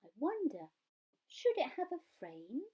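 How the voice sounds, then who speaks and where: A woman giving calm, friendly step-by-step craft instructions for young children. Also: high-pitched, measured pace, poor audio. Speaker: museum learning presenter.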